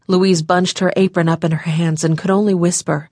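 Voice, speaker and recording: A woman narrating an audiobook, reading in a measured, emotive storytelling manner on a close microphone. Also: on the low side, flat delivery, a little mellow, no echo. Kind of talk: scripted narration of a historical novel.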